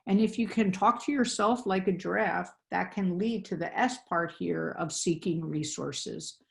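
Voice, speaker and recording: A woman's voice: fairly low pitch, a little slow, gravelly. A woman presenting a wellness webinar in an earnest, coaching way, acting out inner self-talk voices.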